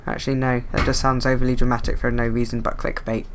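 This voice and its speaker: A man's voice: medium pitch, level tone, quick pace, a little hiss or hum. A man giving dry, self-mocking let's-play commentary as a gaming YouTuber.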